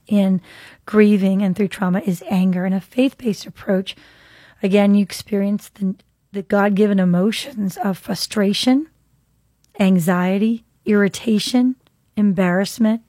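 A woman hosting a podcast, giving an earnest, reflective talk on trauma and grief and reading scripture slowly. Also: mid-range voice, mellow, no room sound, studio quality. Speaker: podcast host and counselor. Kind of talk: faith-based teaching monologue.

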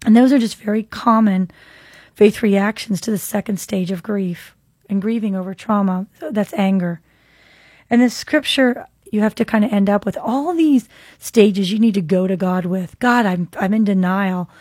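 A woman hosting a podcast, giving an earnest, reflective talk on trauma and grief and reading scripture slowly. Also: mid-range voice, mellow, slightly rough, no echo, clean studio sound. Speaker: podcast host and counselor. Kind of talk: faith-based teaching monologue.

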